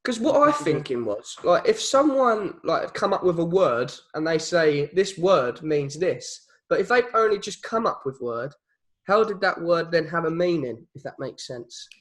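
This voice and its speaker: High-pitched Kentish man, rambling podcast musings, many restarts. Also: very animated, normal speed, a bit bright. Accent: Kentish English. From Kent, England. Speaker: podcast co-host. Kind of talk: casual podcast chat.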